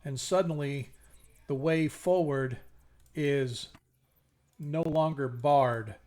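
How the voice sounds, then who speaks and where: A man runs a tabletop game as its game master, setting each scene in a slow, unhurried way. His voice sits a little high for a man. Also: darkish tone. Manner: slow, measured scene narration with fillers.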